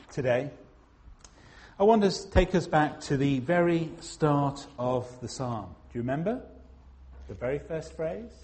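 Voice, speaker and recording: Slow, lively-voiced male preacher. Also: on the high side. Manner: slow, emphatic, with dramatic pauses. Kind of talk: sermon.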